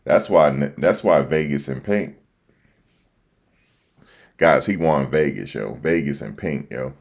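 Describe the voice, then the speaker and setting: This livestream host has a bass voice with a darkish tone and a slow pace. He's a man with an East Coast accent, chatting casually on a desk mic in slangy, repetitive fashion as election results come in.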